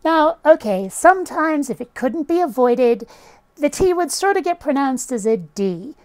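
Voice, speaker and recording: A woman's voice: sits high, sing-song, a little slow, darkish tone. Chatty woman with a faint Vermont accent. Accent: mostly general American with a faint Vermont trace. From Vermont, USA. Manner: chatty and self-mocking, swears offhandedly. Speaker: YouTuber. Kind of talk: casual to-camera chat. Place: at home with cats on her lap.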